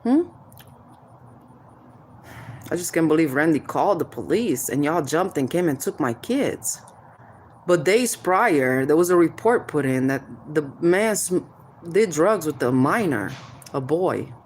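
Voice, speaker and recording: A woman's voice: low voice, animated, measured pace, pauses often, a little mellow, slight background noise. A mother speaking straight to the camera, confronting officials head-on, prodding with questions and calling people "baby" as she warns them of spiritual payback. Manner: confrontational, addresses officials directly, keeps prodding "hmm?"; calls listeners "baby", spiritual warnings. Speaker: mother speaking out about child services. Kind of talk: direct-to-camera vent.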